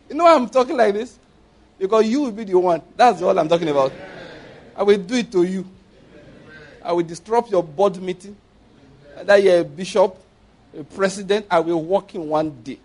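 A man's voice: high-pitched, normal speed, long pauses, a little mellow. A middle-aged man with a Nigerian accent preaching a sermon, playful and acting out dialogue between points. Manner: playful, acts out dialogue, laughs often. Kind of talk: sermon with acted-out stories.

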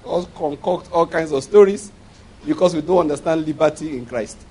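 Animated man preaching, fairly high voice. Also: normal speed, breathy edge. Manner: animated, laughs often, acts out dialogue. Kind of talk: sermon.

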